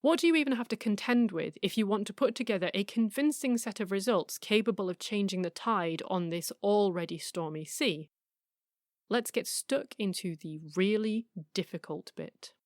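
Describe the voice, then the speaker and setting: A middle-aged woman narrates her podcast from a script, her voice sitting at an ordinary middle pitch. She sounds measured and argumentative, with a wry edge. The recording is dry, with no room sound. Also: dry recording. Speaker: podcast host.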